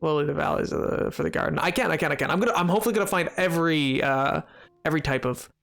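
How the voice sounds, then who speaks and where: A young man with a slightly high voice hosts a relaxed game stream, rambling and joking with chat. He brags playfully, laughs often and stumbles over restarts, with a little music faintly behind him. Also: very fast, creaky. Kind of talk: casual chat while playing a game.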